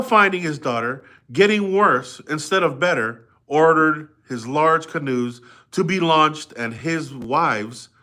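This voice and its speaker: A man's voice: medium pitch, pushed and bright. A middle-aged man reading a history book aloud live, stopping in a conversational way to explain and ask his listeners. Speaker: reader and commentator.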